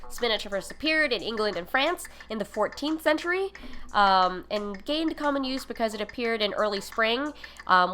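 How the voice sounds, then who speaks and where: A woman with a mid-range, slightly bright voice hosts a cooking livestream, teaching in a casual way. Her talk is full of fillers and giggly asides.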